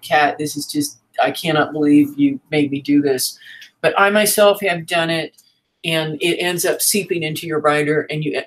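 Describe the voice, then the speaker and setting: A woman's voice: sits low, fairly bright tone, poor audio. A woman teaching a writing class in a frank, chatty way, with fillers and asides. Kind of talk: casual teaching talk.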